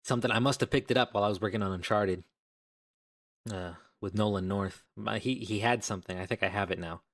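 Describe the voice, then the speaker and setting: Casual male streamer, lowish voice, rambling think-aloud coding commentary. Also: fast, fairly bright tone. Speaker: game developer streaming live.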